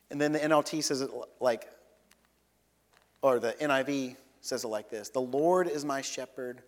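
A man preaching a sermon as a pastor, earnest, swinging between loud emphatic lines and soft quiet ones. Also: fairly high pitch. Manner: earnest, rises and falls between loud and soft, leads congregation in repeating. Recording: long reverb of a hall.

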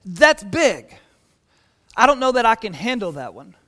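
A man in his thirties preaches a sermon, telling stories with a lively, restless delivery full of restarts. His voice sits high, and the church around him adds a long reverb tail. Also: a little slow. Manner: animated storytelling with repeated restarts. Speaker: pastor.

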